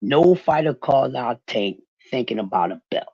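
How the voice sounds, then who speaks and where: Man with a husky, lively voice. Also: mid-range voice, moderate pace, no echo, lo-fi sound. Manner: profane, animated, talking back to chat. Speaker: livestream host. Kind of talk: casual livestream boxing rant.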